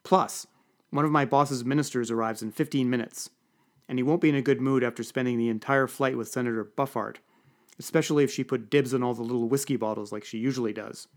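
A man voicing a bossy, loud male political staffer who talks in brisk, commanding bursts. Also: medium pitch, fairly even intonation, close to an everyday voice.

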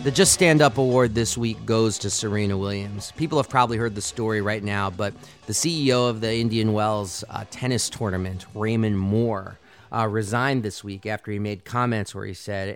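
A man hosting a sports podcast, delivering passionate, argumentative commentary. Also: fairly low pitch.

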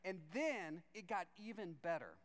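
A man telling a funny personal story to a church audience, animated and self-deprecating, with sudden excited outbursts. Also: sits high, measured pace. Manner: animated, self-deprecating, jumps into excited shouts when acting out his own reactions. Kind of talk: comic storytelling.

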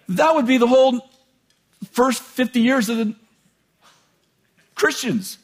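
Man, preacher, high voice, informal sermon, chuckling, animated, loud bursts and quiet asides. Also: slow. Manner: chuckles often, joking and conversational.

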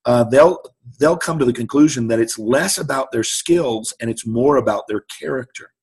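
A man's voice: medium pitch, moderate pace, slightly rough. A middle-aged man telling a story as a guest in an interview, acting out the voices of the people he quotes. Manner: animated anecdote-telling, acts out quoted voices. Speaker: guest speaker.

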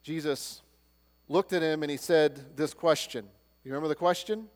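Guy pastor preaching, goes loud then real quiet, kinda high voice, long echo like a church hall. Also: normal speed. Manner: swings between loud proclaiming and hushed low lines. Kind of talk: sermon.

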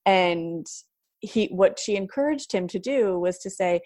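A woman, a parenting educator appearing as a guest, offers casual conversational advice about raising kids, chatty and frequently dropping "like" and "right?". Her medium-pitched voice is expressive, a little slow, and a little mellow, recorded dry with clean studio sound.

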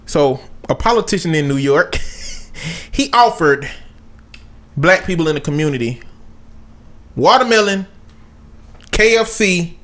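A man's voice: fairly high pitch, lively intonation, measured pace, long pauses, fairly bright tone. A man chatting casually on a podcast, telling stories with jokes and frequent laughter. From Southern United States. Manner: storytelling, joking, laughs often. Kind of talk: casual chat.

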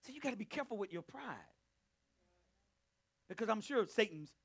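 A man teaching a Bible study, preaching emphatically and calling out to his listeners, swinging between loud and hushed delivery. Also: sits high, expressive, fairly quick. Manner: emphatic, calls out to the group. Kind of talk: preaching to a live group.

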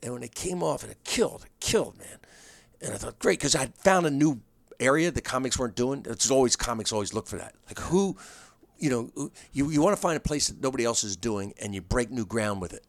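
A middle-aged man, a comedian and comedy writer, telling stories in a casual chat with quick bursts and restarts. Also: mid-range voice, expressive, creaky, no room sound.

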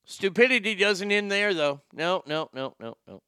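A man's voice: sits high, expressive, normal speed, bright, forceful tone, clean tone, no room sound, clean studio sound. A man hosting a show, telling crude news stories in a sarcastic, joking way. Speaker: host. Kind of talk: casual comedic news commentary.

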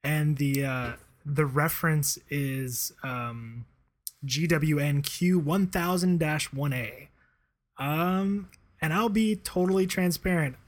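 A man co-hosting a casual podcast. His voice sits a little high for a man, and he rambles in a relaxed way, piling up fillers and chuckles as he talks. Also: takes it slowly. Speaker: podcast co-host. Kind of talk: casual chat.

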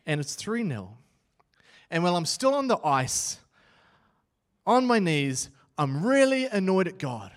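A man pastor preaching a sermon, telling a personal story with animated swings from loud outbursts to hushed lines. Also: fairly high pitch, unhurried.

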